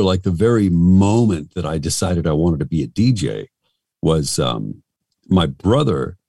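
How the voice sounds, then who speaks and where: A man's voice: low-pitched, warm tone, no echo, clean studio sound. A middle-aged man who works in radio and voice-over, telling stories in a rambling, self-deprecating way with lots of restarts. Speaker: radio host and voice actor. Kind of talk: casual interview storytelling.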